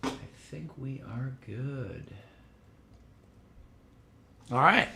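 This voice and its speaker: Chatty upstate New York host. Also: male voice, medium pitch, unhurried, slight background noise. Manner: relaxed, chatty, frequent fillers. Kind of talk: casual livestream chat.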